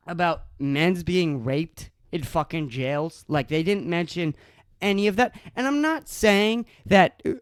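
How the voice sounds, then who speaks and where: A man's voice: a little high, clean tone, no room sound, studio quality. A man hosting a solo podcast, ranting angrily and profanely, stumbling over restarts as he talks. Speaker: podcast host.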